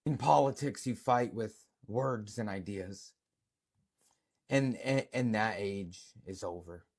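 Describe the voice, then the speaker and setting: A man's voice: on the low side, slow pace, darkish tone. A man ranting in a video clip, stammering, repeating himself and swearing. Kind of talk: emotional video rant.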